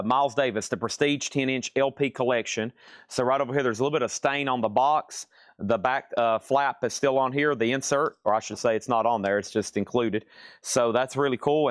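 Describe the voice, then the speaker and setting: A man's voice: mid-range voice, clean tone, no room sound, studio quality. A man selling vinyl records in a live-streamed auction from a record store, chatting and joking between calling out prices. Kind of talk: live auction sales patter.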